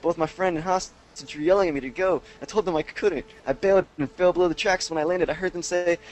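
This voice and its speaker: Young male podcast co-host with a slightly high voice, animated and jokey. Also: fast talker, poor audio. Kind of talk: casual chat, reading listener stories.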